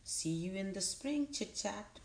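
Lady doing a sweet eager little gosling boy, voice pushed up higher than her low natural one, roomy sound. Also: lively intonation, measured pace, gravelly, a little mellow. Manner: eager, affectionate. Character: young male gosling, earnest and tender. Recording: roomy echo.

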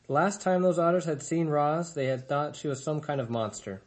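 A man's voice: fairly high pitch, normal speed. Man reading a children's novel aloud. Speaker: reader.

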